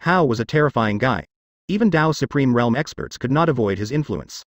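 A man narrating a fantasy webnovel as an audiobook in steady, expressive storytelling. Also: mid-range voice, fairly quick, dry recording, studio quality.

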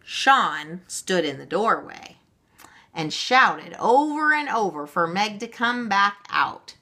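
A woman reading a children's story aloud, expressive and gentle. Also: mid-range voice, takes it slowly.

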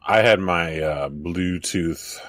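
Deep-voiced man, dry jokes. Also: takes it slowly, fairly bright tone. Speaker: podcast co-host. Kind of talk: casual chat.

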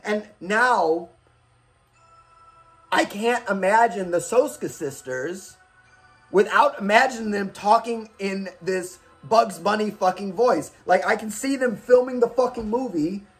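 A man with a high voice retells movie plots in a loose, profane, rambling comic rant. He swears constantly and acts out scenes as he goes. Quiet music sits faintly under him. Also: unhurried. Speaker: host recommending movies.

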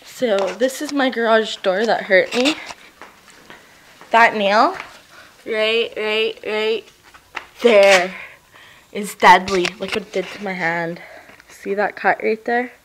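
A woman's voice: medium pitch, slow pace, pauses often, noisy background. A young Canadian woman making a goofy, rambling home vlog, hopping from one random thing to the next. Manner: random, goofy, jumps between topics. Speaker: vlogger. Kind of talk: casual vlog. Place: home, around the garage.

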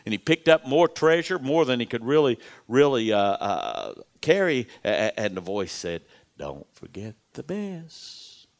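A male pastor preaching a sermon with dramatic storytelling, repeating words for emphasis and dropping to a hushed whisper at key moments. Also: medium pitch, lively intonation, moderate pace, hardly any pauses.

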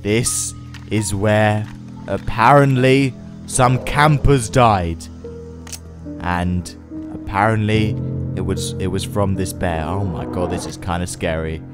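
A man giving jokey, casual gameplay commentary, yelling and joking at game animals. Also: fairly low pitch, slow, music in the background. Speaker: gaming YouTuber.

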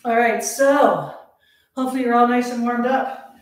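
A woman's voice: a little high, level tone, fast talker. A woman fitness instructor leading a live workout, counting reps aloud, out of breath and laughing at herself. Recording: echoey room, voice from a distance.

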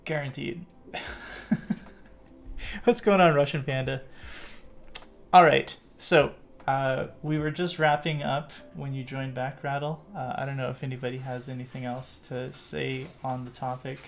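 A man's voice: medium pitch, steady tone, a little slow, gravelly. Canadian man hosting a chatty panel. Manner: jokey, chuckles between points. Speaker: host. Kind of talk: casual livestream panel chat.

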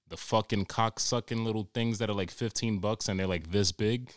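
A man's voice: lowish voice, fairly even intonation, moderate pace, few pauses, no room sound, clean studio sound. A man hosting a podcast, ranting in a rambling, crude, exasperated comic monologue, recorded at home. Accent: New York. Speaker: podcast host. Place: home during quarantine.

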